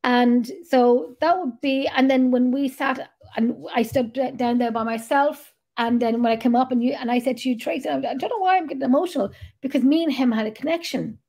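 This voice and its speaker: This is a middle-aged woman, hosting a casual chat. Her voice sits on the high side, and she rambles along and swears freely. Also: brisk, gravelly, hardly any pauses, dark tone. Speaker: podcast host.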